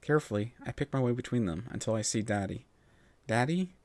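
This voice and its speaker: A man narrating a first-person story in an expressive, melodic reading voice. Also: fairly low pitch, quick pace, no echo.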